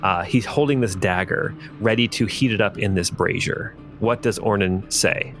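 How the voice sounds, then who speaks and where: A man's voice: lowish voice, moderate pace, a bit bright, soft background music. Man narrating a tabletop game. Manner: fillers and restarts, descriptive narration. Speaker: game master and host.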